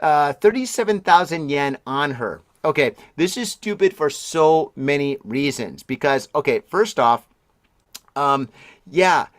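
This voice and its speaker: A man in his forties hosting a podcast in a rambling, chatty way, exclaiming and laughing often, his voice a bit deeper while he recovers from strep throat. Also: animated, measured pace, fairly bright tone, no echo, studio quality. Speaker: podcast host. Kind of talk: casual podcast chat.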